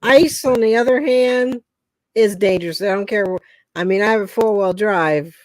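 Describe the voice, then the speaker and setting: A woman in her sixties from Pennsylvania, USA, hosts a casual live talk, chatting emphatically and quick to laugh along. Her voice is medium in pitch, with no echo.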